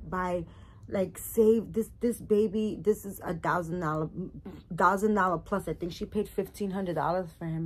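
Woman vlogger, husky, lowish voice, emotional, rambling, gushing. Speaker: doll collector vlogger. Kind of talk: casual unboxing vlog.

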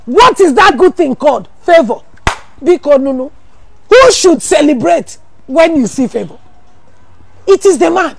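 A woman pastor, preaching a sermon full of rhetorical questions, teasing asides and sudden shouted emphasis. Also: high voice, expressive, a little slow, vocal fry, long pauses.

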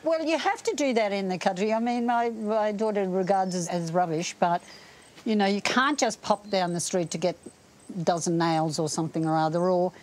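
An older woman talking casually and warmly outdoors in a forest, gentle, heartfelt and enthusiastic. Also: mid-range voice, normal speed, rough recording. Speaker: interviewee. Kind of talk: casual conversation.

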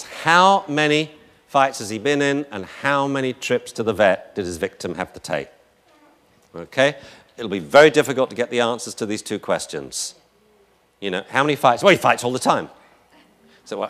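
A man's voice: medium pitch, fairly bright tone. A man giving a live lecture on dog behavior in a chatty, joking, anecdotal way.

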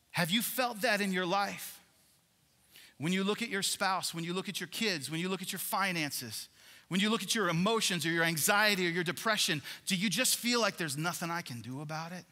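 A man preaching a sermon in a church worship center, animated and asking the congregation questions. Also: high-pitched, moderate pace. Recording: long hall reverb in a church.

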